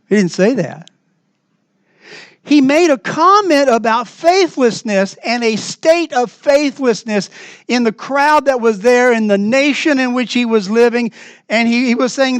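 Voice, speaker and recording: A man preaching a sermon as pastor in a church, earnest and emphatic, moving between raised passages and hushed asides. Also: extremely high pitch, animated, moderate pace, dry recording.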